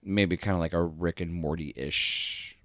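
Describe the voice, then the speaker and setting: A man's voice: sits low, fairly even intonation, measured pace, fairly bright tone, dry recording, studio quality. A man co-hosting a podcast, talking in an easygoing way and laughing often. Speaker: podcast co-host. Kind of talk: casual chat.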